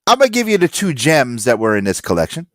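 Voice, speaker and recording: Man, medium pitch, chatty and animated. He acts out quoted voices, recorded dry and close. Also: fast, no room sound. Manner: animated storyteller acting out quoted people. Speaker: podcast co-host and comic collector. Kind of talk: casual chat.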